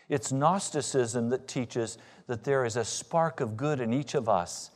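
A man preaching a sermon as pastor, swinging between loud, forceful emphasis and quiet, intense passages. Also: medium pitch. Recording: reverberant hall.

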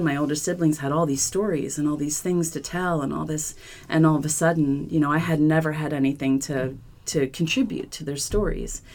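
Woman guest, low voice, animated storyteller who does the voices of the people she quotes. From Philadelphia. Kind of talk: casual storytelling.

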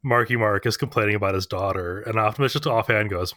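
A man's voice: fairly low pitch, fast talker, no room sound, studio quality. A man on a podcast who chats casually and breaks into giggles often. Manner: giggly, lively. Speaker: podcast co-host.

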